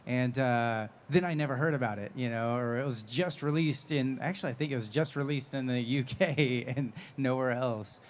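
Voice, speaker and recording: Animated man telling a convention story. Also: medium pitch, normal speed, hardly any pauses, slight background noise. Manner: animated storyteller, laughs often. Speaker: voice actor guest. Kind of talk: convention panel Q&A. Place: convention stage.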